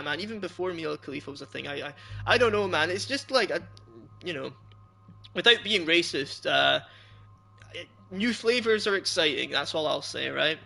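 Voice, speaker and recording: A man's voice: a little high, gravelly, sharp tone. A young Scottish man streaming a game, rambling loosely, laughing often as he chats with his viewers. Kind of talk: casual chat while streaming a game.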